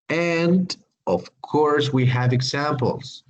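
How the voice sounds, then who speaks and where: A man teaching an English grammar class online, speaking slowly and hesitantly, with many fillers and apologies. His first language is Spanish. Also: mid-range voice, dull audio, a little hiss or hum.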